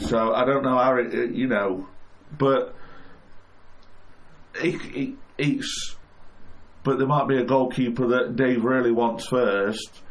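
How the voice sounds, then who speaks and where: A man with a middling voice co-hosting a football chat. He talks things through with worked examples, pausing and restarting as he thinks. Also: mid-range voice, steady tone. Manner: explains with worked examples, hesitant. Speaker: podcast co-host.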